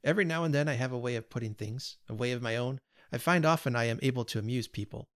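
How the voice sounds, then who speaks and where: A man's voice: medium pitch, fast, fairly bright tone, close to an everyday voice. A man reading aloud, voicing a talkative, earnest male burglar who pleads and explains himself with odd cheer. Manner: earnest, pleading, lightly pompous.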